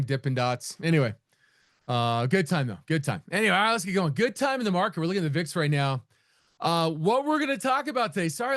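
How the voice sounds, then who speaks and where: A man's voice: fairly high pitch, no echo, clean studio sound. A middle-aged man rambling casually as he hosts a live trading room session, with frequent restarts and laughs. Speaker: trading educator.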